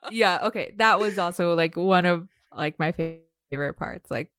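A woman co-hosting a casual podcast chat, telling relaxed stories with plenty of "like". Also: on the low side, normal speed, dry recording, clean studio sound, faint music behind. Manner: relaxed storyteller, many fillers of "like". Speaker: podcast co-host.

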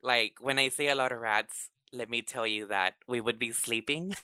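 A man hosting a casual podcast chat, excitable and swearing freely, with sudden high bursts of laughter. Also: normal speed, clear, resonant tone, no echo. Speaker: podcast host.

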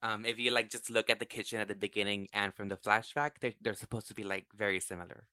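A man hosting a casual podcast chat, excitable and swearing freely, with sudden high bursts of laughter. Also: quick pace, smooth, no room sound. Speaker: podcast host.

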